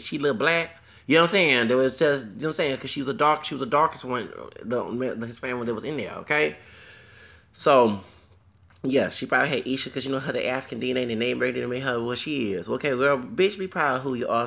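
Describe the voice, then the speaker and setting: A man's voice: medium pitch, vocal fry, sharp tone. A man rambling through a crude, profane monologue. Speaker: vlogger.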